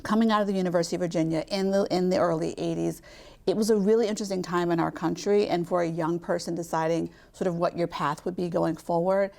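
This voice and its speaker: A woman in her fifties from Kentucky speaks as a guest on a TV interview show, with a softened Southern drawl. Her voice has a gravelly edge and sits a little low. She talks in a measured, reflective way, pausing on little "um"s as she gathers her thoughts. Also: fairly even intonation. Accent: light Southern US drawl. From Louisville, Kentucky. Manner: measured, reflective, with frequent "um" pauses. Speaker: guest, nonprofit chief executive. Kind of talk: TV studio interview.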